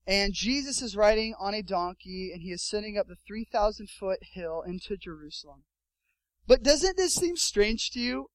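A young adult man preaching a sermon as pastor, telling a story with lively acted-out quotes. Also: sits high, normal speed, no room sound, poor audio.

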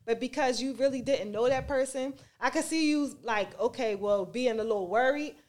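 A woman with a voice a little above the usual pitch talks through a situation in a relaxed group conversation, weighing sides and giving advice. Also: normal speed. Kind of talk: casual group discussion.

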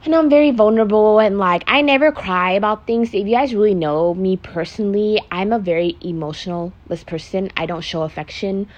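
Brisk and with few pauses, a young vlogger's mid-range, slightly mellow voice comes through lo-fi sound. Pregnant and emotional, she's doing a makeup podcast, confiding casually and frankly, swearing freely and leaning heavily on "like."

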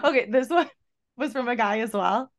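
Young woman guest on a podcast, playful, laughs a lot while telling stories, kinda high voice. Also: moderate pace. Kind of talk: casual chat.

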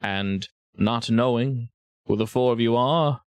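A man's voice: mid-range voice, slow, smooth, no room sound, close to an everyday voice. A man playing a suave, polite male base commander.

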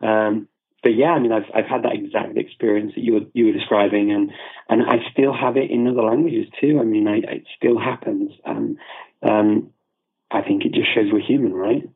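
Heard through phone-like remote call audio, this British polyglot guest speaks at normal speed in a slightly rough voice on the low side, with fairly even intonation. He lays out his views thoughtfully in conversation, frequently starting his sentences over.

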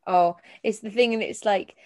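A woman's voice: medium pitch, steady tone, moderate pace, a little mellow, no echo, clean studio sound. A young adult woman, a guest on a podcast, chatting in a playful, joking way. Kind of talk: casual podcast chat.

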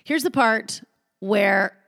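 Woman podcast host, profane and animated, mid-range voice, dead-dry recording. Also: mid-range voice, slow, no room sound. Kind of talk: casual advice talk.

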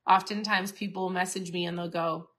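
A woman's voice: on the low side, little pitch movement, normal speed, a bit bright. A middle-aged woman hosting a casual motivational podcast talk, chatty and earnest, often restarting and repeating herself. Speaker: podcast host and keto coach.

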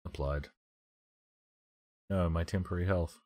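A man playing a tabletop game, reacting quickly and asking about the rules. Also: deep voice, fairly even intonation, a little mellow, dry recording, clean studio sound. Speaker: player. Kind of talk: casual game talk.

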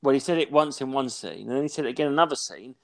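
A man in his forties, a podcast co-host, rambling and swearing as he tells animated stories in casual chat. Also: mid-range voice, rapid-fire, creaky. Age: 40s.

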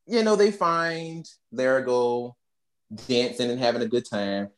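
A woman with a low voice chats casually about a movie she watched. She tells the story with animation and slips into the characters' voices as she goes. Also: a little slow. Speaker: podcast co-host recapping a movie. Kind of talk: casual chat.

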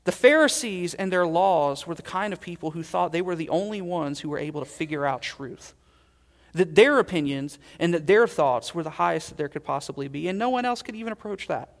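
A man preaching a sermon as pastor, earnest, swelling loud and then dropping to quiet emphasis. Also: a little high, animated, a little fast, creaky, big-room sound.

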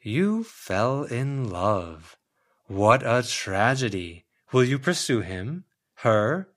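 A man's voice: mid-range voice, sing-song. A man voicing a whimsical, romantic young man in an audiobook reading, drawing out his words dramatically. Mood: dreamy theatrical. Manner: slow, lingering, dramatic delivery.

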